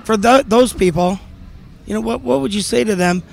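A man interviewing a guest about faith, asking halting, restarting questions. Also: sits high, creaky, darkish tone, slight background noise.

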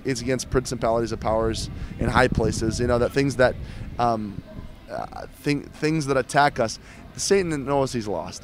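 A man earnestly talking about his faith in a casual interview, often repeating words as he goes. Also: medium pitch.

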